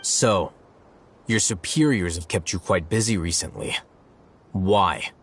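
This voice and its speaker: A man voicing a calm young hero in a game, pressing captives with questions. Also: low-pitched, slow pace, slightly rough, heavily acted.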